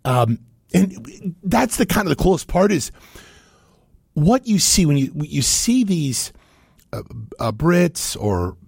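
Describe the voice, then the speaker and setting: Lively, gravelly show host from Cincinnati. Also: male voice, fairly high pitch, slow pace, dry recording, studio quality. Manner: animated, chatty, laughs often. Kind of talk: casual show commentary on clips.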